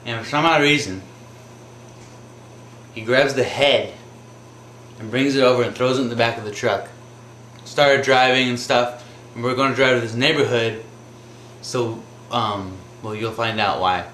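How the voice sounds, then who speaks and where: A man's voice: mid-range voice, unhurried, a bit bright, reverberant, a little hiss or hum. A man casually telling a true anecdote, rambling with filler words. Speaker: storyteller.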